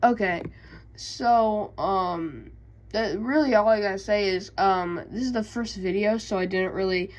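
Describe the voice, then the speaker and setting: A woman's voice: mid-range voice, unhurried, a little hiss or hum, rough recording. A woman casually recapping video game lore, hesitant, with many fillers and self-corrections. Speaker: YouTube creator.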